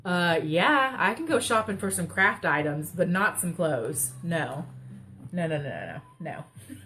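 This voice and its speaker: A woman's voice: on the low side, expressive, unhurried, fairly bright tone. A young woman, rambling and joking through a casual live craft chat. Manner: rambling, chatty, self-mocking humor. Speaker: craft livestream host. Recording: faint background noise.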